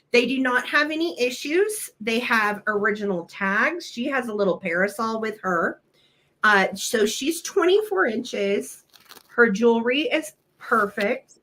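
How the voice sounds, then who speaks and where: Hosting a live-stream vintage sale from home, a woman speaks with a fairly high, bright, forceful voice. She's chatty and friendly in this casual sales pitch, adding apologetic asides, and her voice is a little weak after being sick.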